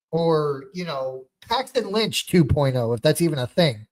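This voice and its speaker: A young man co-hosts a casual football podcast, slightly high in pitch. He talks in an animated, rambling way, full of restarts and fan excitement. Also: a little slow. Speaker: podcast host. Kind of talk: casual sports chat.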